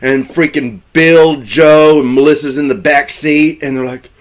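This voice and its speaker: A man casually recapping a film's plot as a reviewer, rambling and correcting himself, and now and then jumping into loud, high-pitched acted quotes. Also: fairly even intonation, measured pace. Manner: rambling, self-correcting storyteller. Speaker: movie reviewer.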